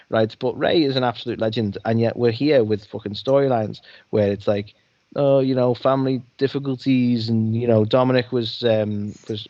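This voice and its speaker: A man's voice: on the low side, dry recording, highs cut off. A man co-hosting a casual podcast, ranting in an exasperated, sweary way. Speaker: podcast co-host.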